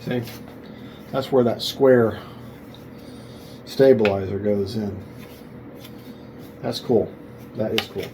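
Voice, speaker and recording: A man's voice: fairly low pitch, slow pace, long pauses, mellow, a little hiss or hum, rough recording. A man hosting a hobby video, casually thinking aloud and correcting himself as he unboxes, often calling things cool.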